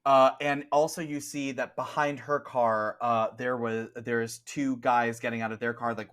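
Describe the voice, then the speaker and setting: A man narrating as game master in a tabletop horror game, animated and loose. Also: medium pitch, normal speed, hardly any pauses.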